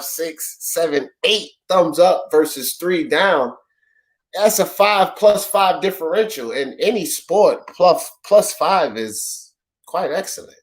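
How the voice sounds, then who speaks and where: A man hosting a casual sports talk panel, rambling through a summary and calling on his panelists by name. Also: medium pitch. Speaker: host of a sports talk show.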